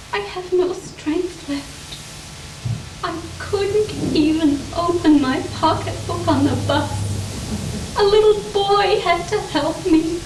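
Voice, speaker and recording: A very high-voiced, frantic wife begging her husband for help, as an actress plays her on stage. She talks slowly and tearfully, heard from across a roomy theatre with a faint hiss behind her. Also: darkish tone, distant mic. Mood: exhausted. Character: Edna, distraught middle-aged New York wife. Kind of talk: amateur stage play.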